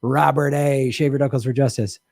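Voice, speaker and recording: A man hosting a podcast, reading viewer comments aloud and telling stories in an animated way. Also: medium pitch, normal speed, creaky, no room sound, clean studio sound. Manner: animated storytelling. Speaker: podcast host.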